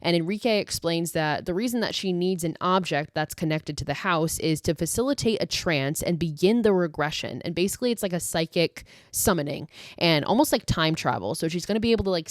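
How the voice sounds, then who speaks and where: A woman's voice: on the low side, lively intonation, fairly quick, few pauses, no echo, studio quality. A woman podcast host retelling a horror film plot in a casual, filler-heavy way, breaking into profane, exasperated asides. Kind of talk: casual movie recap.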